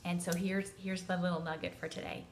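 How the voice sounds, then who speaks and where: A woman in her forties telling a family story in a chatty, animated way, acting out the quotes. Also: lowish voice, brisk, a little hiss or hum. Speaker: parenting vlogger. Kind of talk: casual storytelling to camera.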